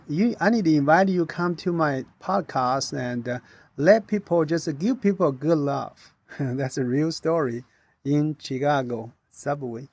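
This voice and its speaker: A man's voice: a little high, vocal fry, a little mellow, no echo. A middle-aged man earnestly telling a personal story in non-native English, acting out the voices of people he met. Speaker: inventor sharing his story.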